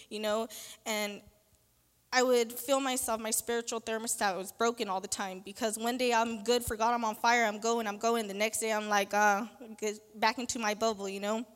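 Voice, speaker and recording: A woman's voice: on the high side, steady tone, a bit bright, smooth. Earnest woman testifying in an echoey church. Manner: earnest and halting, with repeated fillers. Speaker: church member giving testimony.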